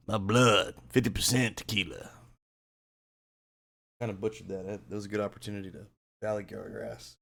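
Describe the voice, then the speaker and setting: A man's voice: on the low side, fairly even intonation, normal speed, gravelly, long pauses, fairly bright tone. A man streaming live, joking and teasing his chat in a casual way.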